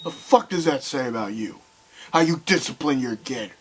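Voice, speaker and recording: A young man ranting heatedly to camera, swearing often and swinging between loud outbursts and quiet bitterness. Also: medium pitch, expressive, moderate pace, breathy edge, rough recording. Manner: heated, swearing, voice rising and falling sharply. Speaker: video commentator. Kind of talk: angry rant to camera.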